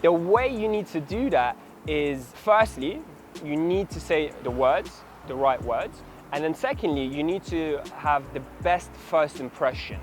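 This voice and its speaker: Brief: energetic male dating coach, slightly high voice, speaks outdoors in a city with faint music. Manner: animated, demonstrates approaches in acted voices. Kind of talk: direct-to-camera coaching talk.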